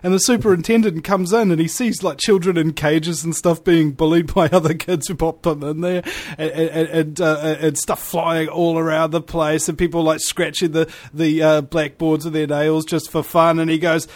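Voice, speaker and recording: A man co-hosting a political talk show, telling stories and making points insistently. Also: moderate pace. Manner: animated, insistent, rising pitch when stressing. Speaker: podcast co-host.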